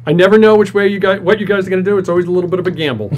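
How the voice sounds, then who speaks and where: A man's voice: high voice, rapid-fire, darkish tone. A man acting as game master, upbeat as he asks each player about the session. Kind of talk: wrapping up a tabletop session.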